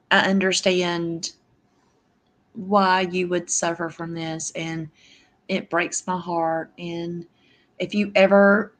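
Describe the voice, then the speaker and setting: A middle-aged woman chatting casually on a livestream, with a gravelly, fry-laden voice pitched a little low. She talks slowly and evenly, with little rise and fall, and addresses her viewers fondly by name. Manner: affectionate, answers chat comments by name. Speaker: livestream host.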